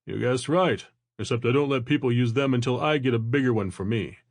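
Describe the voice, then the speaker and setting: A man's voice: medium pitch, brisk, no echo, studio quality, close to an everyday voice. A male narrator voicing an older therapist who stays unperturbed and good-humored. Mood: calm. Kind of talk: audiobook character voice.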